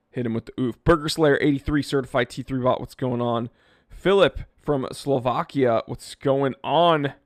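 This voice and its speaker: A man hosting a casual live stream, reading viewer comments aloud and joking about himself in a lively, self-deprecating way. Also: mid-range voice, moderate pace, no echo, clean studio sound. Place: home studio in California. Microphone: wearing headphones, close mic.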